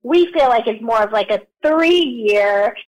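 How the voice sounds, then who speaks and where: A woman with a high, bright-sounding voice co-hosts a business podcast. She talks in a loose, chatty way and teases her partner playfully. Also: lively intonation, slow, rough recording. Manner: playful, bantering. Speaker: podcast co-host. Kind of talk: casual chat.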